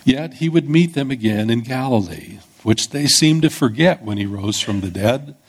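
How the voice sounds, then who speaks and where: A pastor preaching an expository sermon in a conversational teaching manner, with small restarts. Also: male voice, medium pitch, lively intonation, moderate pace, breathy edge.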